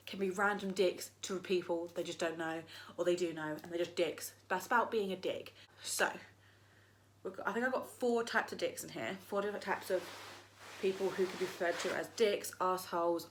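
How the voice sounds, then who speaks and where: A young woman ranting casually to camera, swearing freely and mocking people in put-on voices. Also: mid-range voice. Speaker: vlogger.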